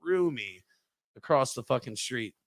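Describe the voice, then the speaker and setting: A man's voice: medium pitch, a little slow, no room sound. Profane storytelling man, dry close mic. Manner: profane, animated storyteller with sound effects. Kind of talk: casual storytelling.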